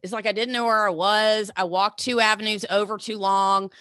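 A woman co-hosting a podcast in casual chat, playful and quick to laugh. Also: medium pitch, steady tone, pushed and bright. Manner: chatty, laughs easily, playful. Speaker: podcast co-host.

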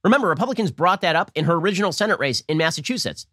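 This political commentary host has a high-sitting, expressive, fairly bright voice, captured in clean studio sound without room sound. He fires off a quick, sarcastic monologue that mocks its targets.

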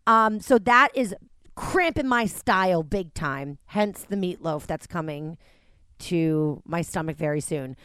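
A woman co-hosting a casual remote chat, talking in fast animated bursts with frequent laughter and swearing. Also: lowish voice, smooth, no room sound, clean studio sound. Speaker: podcast co-host. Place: at home, connected remotely.

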